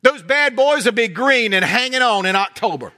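Southern preacher, middle-aged man, high bright tone, folksy animated sermon delivery. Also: moderate pace. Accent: Southern American. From North Carolina. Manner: animated storytelling, folksy humor, drops to soft intensity.

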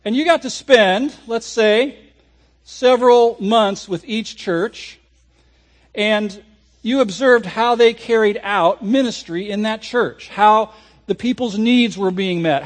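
A man preaching a sermon as a pastor, telling a lively story and acting out people's reactions. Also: sits high. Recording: audio recording of a sermon.

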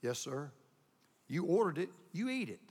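A man's voice: on the high side, very animated, moderate pace, a little mellow, slightly rough, long reverb tail. A man doing a stern, unbending old father. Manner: stern, clipped.

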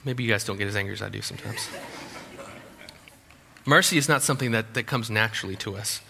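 A man's voice: lowish voice, quick pace, creaky, pushed and bright, slight background noise. A man preaching a sermon as pastor, conversational, with frequent restarts and humorous asides. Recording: long hall reverb.

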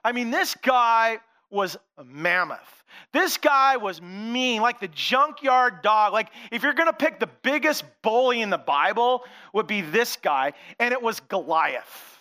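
A man telling a Bible story to children in an animated, playful way, talking directly to the kids. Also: very high-pitched, a little slow. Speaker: children's pastor. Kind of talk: sermon for children.

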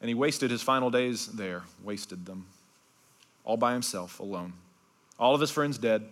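A male pastor giving a conversational sermon, dropping to slow, hushed passages for emphasis and adding asides like "okay?". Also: medium pitch. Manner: swings between bright emphasis and hushed, slowed-down passages.

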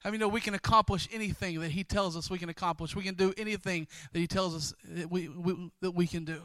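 A man pastoring a congregation, exhorting quickly and praying with many repeated words. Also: high-pitched, steady tone, fairly bright tone, no room sound. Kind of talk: sermon and closing prayer.

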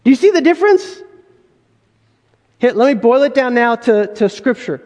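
Male pastor with a very high voice and an emphatic sermon delivery, recorded in a big reverberant hall. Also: animated, moderate pace, darkish tone. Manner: emphatic, full of rhetorical questions.

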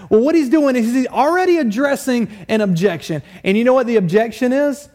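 A man preaching a sermon in a church, firing rhetorical questions at the congregation, swinging between loud, raised emphasis and quiet, low appeals. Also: expressive, normal speed, few pauses. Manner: asks the congregation many direct rhetorical questions; rises loud and high for emphasis, drops quiet and low to press a point. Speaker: pastor.

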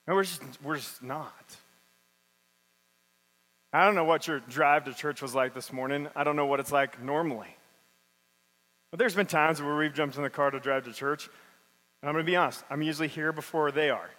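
This man's voice is a little high, bright and forceful, delivered at a normal pace. He's a pastor preaching in a church sanctuary, reading scripture and then discussing it informally, with long hall reverb on the recording.

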